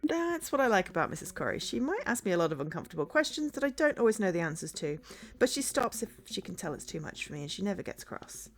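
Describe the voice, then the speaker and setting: A woman's voice: mid-range voice, very animated, fast talker, soft background music, lightly acted. A woman reading as a blunt, lonely schoolgirl. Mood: wistful. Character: withdrawn blunt teenage schoolgirl, anxious and lonely. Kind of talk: reading a narrative game aloud.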